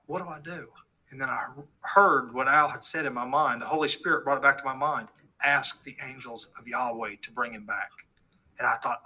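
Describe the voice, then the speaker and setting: A man's voice: on the high side, pushed and bright, low-quality recording. A middle-aged man earnestly telling his testimony story to a live audience, acting out the dialogue he quotes. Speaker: speaker giving a testimony.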